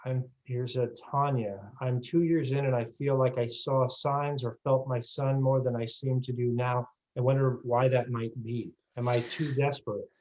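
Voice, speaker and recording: A man's voice: mid-range voice, steady tone, normal speed, hardly any pauses, darkish tone, lo-fi sound. A man hosting a video call, reading listeners' questions aloud to a guest. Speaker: host reading audience questions.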